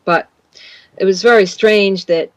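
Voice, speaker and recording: A woman's voice: medium pitch, fairly even intonation, unhurried, no echo. A woman guest telling a long personal story in an interview, rambling with fillers and restarts.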